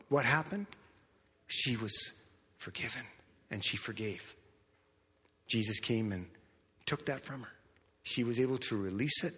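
A man's voice: lowish voice, husky. Earnest preacher man in a reverberant hall. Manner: earnest, repeats words, swings from soft to loud. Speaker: pastor. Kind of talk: sermon storytelling.

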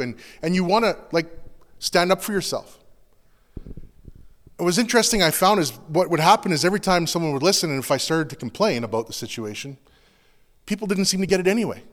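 A pastor giving an earnest, confessional sermon in a loose, conversational way, full of casual fillers. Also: male voice, fairly high pitch, a bit bright, long reverb tail.

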